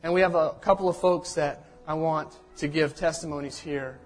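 A man's voice: a little high, fairly even intonation, normal speed. A man leading a church service as pastor, reading scripture verses and introducing testimonies. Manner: reads scripture, then introduces speakers. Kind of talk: sermon.

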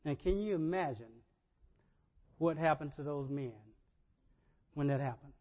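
A man preaching a sermon, animated, repeating words and rising to loud emphasis. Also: a little high, measured pace. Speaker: pastor. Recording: dull lo-fi sermon audio.

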